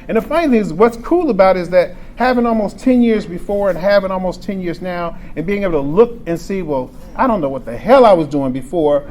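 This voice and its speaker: A man's voice: high-pitched, a little mellow, slight background noise. A man in his forties giving a frank, emotional personal testimony at a recovery convention, often restarting his sentences. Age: 40s. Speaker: speaker sharing recovery story at a convention. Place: convention meeting room.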